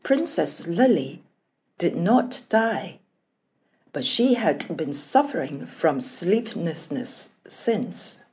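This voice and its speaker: A woman narrates a fairy tale in a slow, deliberate bedtime-story reading. Her pitch moves freely and expressively across each sentence, and she takes plenty of time over every phrase. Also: very animated, darkish tone.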